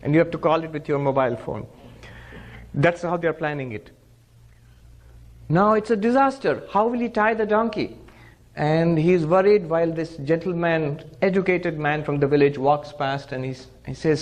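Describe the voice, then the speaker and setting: A monk teaching Vedanta tells a parable in a spiritual lecture, animatedly acting out the characters' dialogue and chanting Sanskrit verse. His voice is a little high, and he speaks at a moderate pace.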